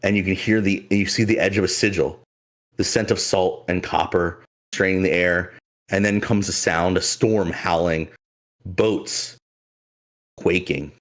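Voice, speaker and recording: Slow low guy running a tabletop game, dramatic narration with uhs. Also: steady tone. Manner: dramatic, descriptive, with fillers. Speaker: game master.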